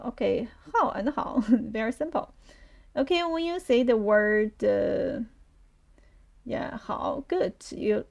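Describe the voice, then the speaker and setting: A woman's voice: on the high side, creaky, a little mellow. A woman with a Chinese accent teaching a live online lesson, patiently repeating words for her learners.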